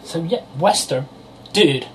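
A man's voice: fairly high pitch, lively intonation, slow, slight background noise, rough recording. A man, co-hosting a casual podcast chat, rambling and joking, swearing freely. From Europe. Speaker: podcast co-host.

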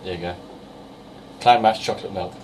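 A man's voice: sits low, brisk, darkish tone. Man, distant mic, faint hiss. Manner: chatty storyteller, laughs often. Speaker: podcast co-host. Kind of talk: casual podcast chat.

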